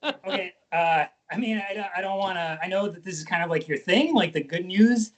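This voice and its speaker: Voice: medium pitch, brisk, distant mic. An improv comedian playing a patient in a sketch, flustered and hesitant, laughing often.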